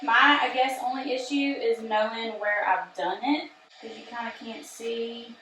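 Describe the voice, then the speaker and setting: A woman's voice: on the high side, steady tone, unhurried, bright, forceful tone, roomy sound, a little hiss or hum. A woman, chatting nervously as she tests a beauty gadget on camera. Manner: chatty, nervous, says y'all. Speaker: beauty vlogger testing a product. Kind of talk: casual product test vlog.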